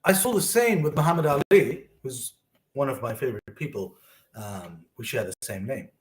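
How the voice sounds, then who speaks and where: A man's voice: mid-range voice, lively intonation, moderate pace, darkish tone. Young guy talking earnestly about growing up, gets emotional, echoey room. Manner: earnest, emotional storytelling with quoted asides. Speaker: host. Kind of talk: personal reflective monologue.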